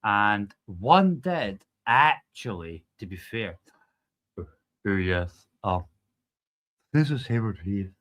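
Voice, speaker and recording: A man's voice: fairly low pitch, lively intonation, slow, pauses often, fairly bright tone. A man with a Scottish accent, rambling through crude, sweary stream commentary.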